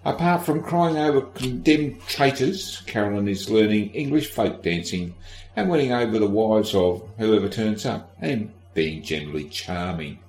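A man's voice: fairly low pitch, lively intonation, normal speed, darkish tone, roomy sound. A man hosting a casual history podcast, sardonic and irreverent, swearing freely and talking straight to the listener. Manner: addresses the listener directly. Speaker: podcast host.

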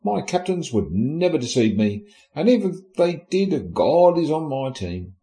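A man's voice: on the high side, big pitch swings, measured pace, mellow, pitched above the performer's own voice. A man voicing a stubborn, unflappable queen who talks in a defiant, matter-of-fact way. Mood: calm.

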